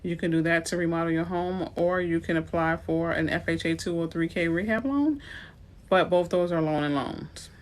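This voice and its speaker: This New Orleans realtor, accent and all, offers advice on a live stream in a chatty way, tossing playful asides to her viewers. She talks at normal speed with a fairly low pitch.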